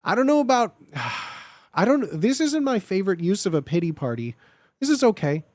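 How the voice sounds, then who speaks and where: Animated young man riffing mock-seriously. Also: high voice, moderate pace, no echo. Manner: animated, mock-serious, repeats catchphrases in put-on voices. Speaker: host ranking phrases. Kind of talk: comedic tier-list riffing.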